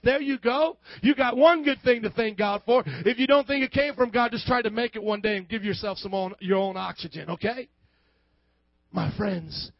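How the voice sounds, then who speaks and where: A male pastor preaching a sermon, calling for amens and dropping from hushed lines to loud bursts. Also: high voice, vocal fry, no echo. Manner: call-and-response preaching, swings from hushed to loud. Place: church service. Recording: dull lo-fi church recording with faint music.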